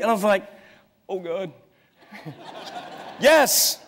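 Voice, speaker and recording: High-voiced preacher in a reverberant church. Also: male voice, very slow, long pauses, slightly rough. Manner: lively storytelling, acting out the people in his stories. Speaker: pastor. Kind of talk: sermon. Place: church sanctuary. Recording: long hall reverb in a church.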